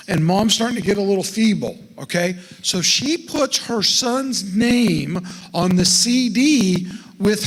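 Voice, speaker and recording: A middle-aged man with a high voice, an estate planning speaker, gives a folksy seminar talk at a church. He repeatedly asks the congregation questions, and his voice echoes with a long reverb off the sanctuary walls.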